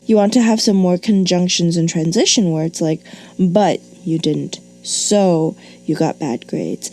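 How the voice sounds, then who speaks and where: Expressive woman teaching grammar. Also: fairly low pitch. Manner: expressive, rhetorical questions, mock exasperation. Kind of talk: video grammar lesson.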